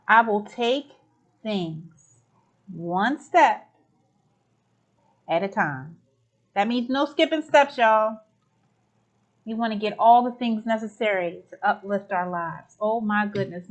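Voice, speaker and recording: A woman's voice: mid-range voice, highs cut off. A woman from the United States hosting a spiritual talk show, effusive and exclaiming as she affirms her guests. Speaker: podcast host.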